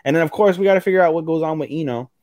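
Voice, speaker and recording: Guy co-hosting an anime podcast, talks fast and swears a lot, dry close sound. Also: on the high side, dry recording. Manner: animated, swears often, acts out character quotes. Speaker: podcast co-host. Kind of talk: casual anime recap chat.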